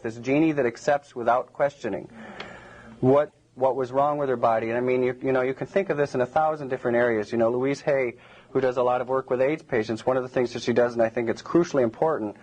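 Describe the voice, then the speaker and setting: Husky-voiced male lecturer, rambling. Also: medium pitch, darkish tone, low-quality recording. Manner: rambling and digressive, many restarts. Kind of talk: public lecture to a live audience.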